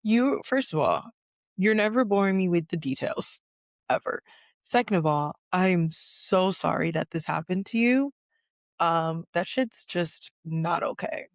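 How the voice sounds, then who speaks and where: A woman's voice: lowish voice, animated, a little slow, no echo, clean studio sound. A woman hosting a podcast, replying in casual, emphatic chat and swearing freely. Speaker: podcast host.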